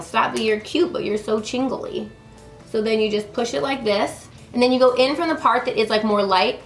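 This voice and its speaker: A woman's voice: medium pitch, reverberant. A woman in her thirties chatting through a makeup tutorial, bubbly and talking straight to her viewers. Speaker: beauty vlogger.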